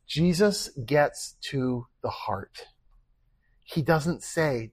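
A man's voice: medium pitch, animated, takes it slowly, breathy edge, no room sound. A man preaching a sermon as pastor, earnest and conversational, with rhetorical questions and acted-out quoted speech.

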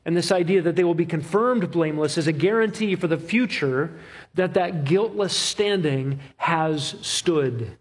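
A male preacher with a fairly high, husky voice delivers an expository sermon. He builds rhythmic, repeated phrases and slows right down to stress the key lines. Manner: emphatic, rhythmic repetition with slow stressed phrases.

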